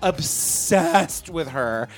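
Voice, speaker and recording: A woman co-hosting a casual podcast, excitable and laughing as she talks. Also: deep voice, drawn-out words, soft background music. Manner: excitable, very animated, laughs while talking. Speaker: podcast co-host. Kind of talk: casual chat.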